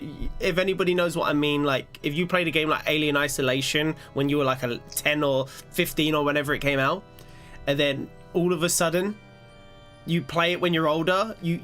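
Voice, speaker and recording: Young male streamer, higher voice, rambly and self-mocking, faint music underneath. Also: fairly bright tone. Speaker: gaming streamer. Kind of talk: live-stream chat while gaming.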